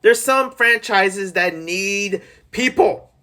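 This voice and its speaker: A man hosting his own channel, chatting casually and rambling about news and video games with jokes and sudden pitch swings. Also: takes it slowly, sharp tone. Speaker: channel host. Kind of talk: casual solo gaming chat.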